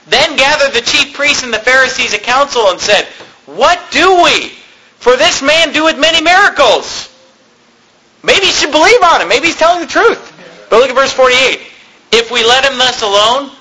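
A man's voice: very high voice, bright, forceful tone, a little hiss or hum, low-quality recording. A man preaching a sermon, reading scripture and retelling it in plain, conversational terms with frequent rhetorical questions.

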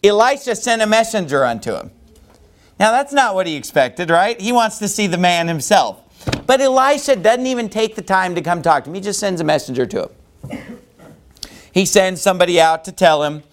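A male pastor with a high-pitched voice works through a Bible passage verse by verse. He keeps his delivery casual and chatty, with frequent "you know"s between points. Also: lively intonation, normal speed. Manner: conversational, with many filler "you know"s. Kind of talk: expository sermon on a Bible passage.

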